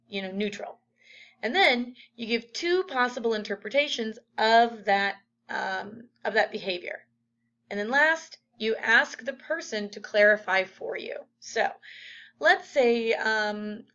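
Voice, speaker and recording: A woman's voice: fairly high pitch, a bit bright. A woman teacher giving a casual recorded lecture, with lots of fillers. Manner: casual, chatty, many fillers. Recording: dull lo-fi audio.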